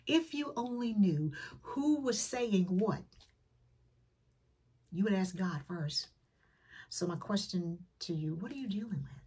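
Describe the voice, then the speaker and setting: A woman preacher delivers a sermon in a husky, very breathy voice that sits a little low. She talks in plain, everyday words and moves between emphatic calls and hushed, whispered lines. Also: lively intonation, a little slow. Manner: plain colloquial phrasing.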